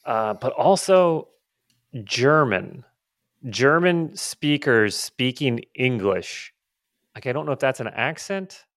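A man's voice: medium pitch, lively intonation, slow, a bit bright, no room sound, studio quality. A man co-hosting a podcast in casual chat, rambling with many fillers and restarts. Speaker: podcast co-host.

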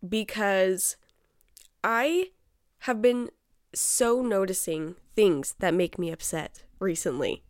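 A woman's voice: medium pitch, slow pace, no echo, studio quality. A woman hosting her own show, talking casually in a chatty, exasperated way and often laughing. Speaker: podcast host. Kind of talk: casual solo chat.

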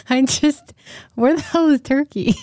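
A woman's voice: high-pitched, a little mellow, no room sound, studio quality. Giggly young woman podcast co-host. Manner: giggly, quick teasing interjections. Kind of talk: casual chat.

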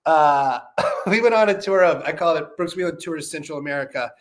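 A man with a high voice talks in a loose, rambling way, swearing freely and padding his stories with "like" and "uh". He sounds like a guest on a casual podcast chat. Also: a little fast. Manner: rambling, profane storytelling with lots of fillers.

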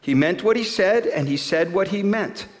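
A man giving a sermon, reading a rhyming story aloud in a rhythmic, expressive way before turning to scripture. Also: high voice, normal speed, long reverb tail. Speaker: pastor.

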